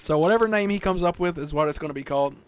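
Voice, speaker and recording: Very fast and fairly high-pitched, this man's voice carries a Southern US accent, with slight background noise in the recording. In his twenties and from the American South, he hosts a podcast, chatting casually and profanely and leaning on "bro" and "dog."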